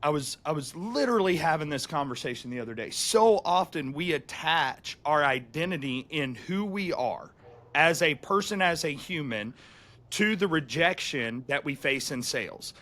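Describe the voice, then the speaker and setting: A man co-hosting a podcast, speaking in a relaxed, conversational way. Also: on the high side, normal speed. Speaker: podcast co-host. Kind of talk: casual podcast chat.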